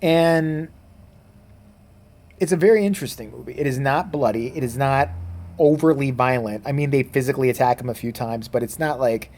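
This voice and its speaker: A man's voice: medium pitch, a little mellow. Rambling, profane male movie reviewer. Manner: rambling and profane, with frequent fillers; mimics characters in quick quoted voices. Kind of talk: casual spoken movie review.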